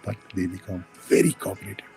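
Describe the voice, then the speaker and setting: Low-voiced man giving a lecture. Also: flat delivery, mellow, faint music behind. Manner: plain explaining, many pauses and fillers; addresses students directly, asks for questions. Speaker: dental lecturer. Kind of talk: university lecture.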